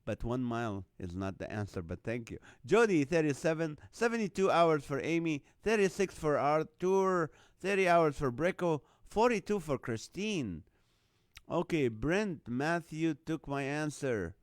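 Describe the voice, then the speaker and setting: A man from the Middle East hosts a relaxed live stream, joking and chuckling as he reads out viewer names and guesses. His voice is smooth and resonant, and the sound is close and dry with no room around it. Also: a little high, unhurried, dry recording. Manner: jokey, laughs often, chuckling while reading names and numbers. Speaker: host of a live online show. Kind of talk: casual live-stream chat reading viewer comments.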